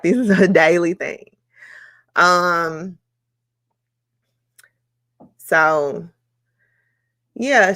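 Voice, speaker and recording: Woman, book club host on a live stream. Slow, bright voice, heartfelt and candid, lots of ums. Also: lowish voice. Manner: slow, reflective and emotional, with many fillers.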